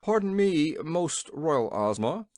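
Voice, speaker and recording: Guy doing a nervous fussy general, polite and whiny, higher voice, storybook. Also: sing-song, slow, darkish tone, no echo, clean studio sound. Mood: fretful. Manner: polite and fretful. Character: timid, fussy male army general.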